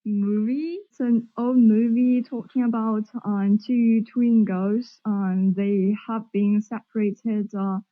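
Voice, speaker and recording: A woman from China calls in to a livestream, pausing often with ums and uhs. Her pitch is middling, and the audio is dull and lo-fi. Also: fairly even intonation. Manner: hesitant, filler-heavy. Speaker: caller. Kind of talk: casual chat.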